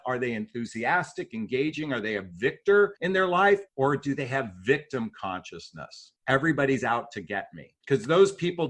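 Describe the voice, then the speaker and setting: A middle-aged man, a relationships coach, giving animated advice in a podcast interview and acting out sample lines. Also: a little high, slightly rough. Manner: animated, acts out sample dialogue in voices. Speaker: dating and relationships coach, guest.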